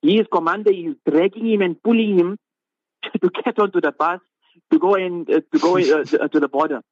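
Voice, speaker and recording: An Islamic scholar gives an impassioned religious talk, driving his points home with rhetorical questions and repeated phrases. His high, slightly breathy voice moves at a moderate pace and comes through a narrow, phone-like line that sounds dry and close.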